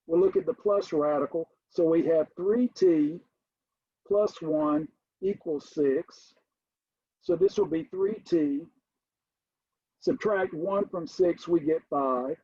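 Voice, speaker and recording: A middle-aged man, a college math instructor, giving a recorded lecture, stressing key points emphatically and addressing the class as ladies and gentlemen. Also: a little high, slow pace, breathy edge, no echo, muffled recording.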